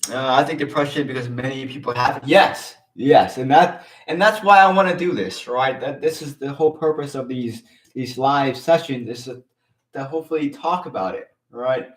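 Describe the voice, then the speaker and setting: A man hosting a casual live stream, talking earnestly and haltingly, repeating himself and getting teary. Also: medium pitch, echoey room, distant mic. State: teary, emotional.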